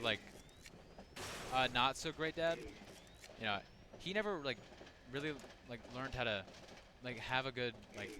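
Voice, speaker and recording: Over background noise, a young man with a medium-pitched voice chats casually while playing a horror game for his gaming channel. His commentary wanders, full of fillers and restarted sentences.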